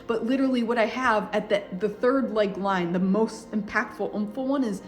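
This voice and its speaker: A woman's voice: mid-range voice, fairly quick, few pauses, faint music behind. A woman speaking as a spiritual coach in a casual, heartfelt monologue, effusive and full of loose filler words.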